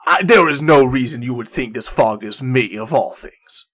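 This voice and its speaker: A woman's voice: rumbling low, moderate pace. A man voicing a small, touchy female fey creature who guards her grove. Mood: prickly. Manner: prickly, indignant, defensive.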